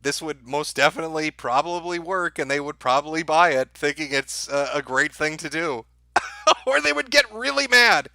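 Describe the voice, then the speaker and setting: A man runs a livestream rant with a sharp, forceful edge to his voice. He swears freely and his tone stays mocking, and he laughs at his own bits as he works through viewer chats. The sound is dry and close. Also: a little high, lively intonation, normal speed, gravelly, dry recording. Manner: sarcastic, profane, laughing at his own jokes. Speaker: livestream host.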